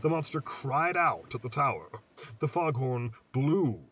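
Guy narrating a spooky story, measured and moody, far off and muffled. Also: medium pitch, big pitch swings, a bit bright. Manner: measured, atmospheric reading. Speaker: storyteller host. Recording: distant muffled mic, faint hiss.

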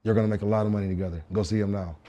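A man guest on a podcast, telling a story in an animated, profane way and acting out what he said to himself. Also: fairly low pitch, very fast, muffled recording. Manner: excitable, profane, talks to himself in acted asides. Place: podcast studio.

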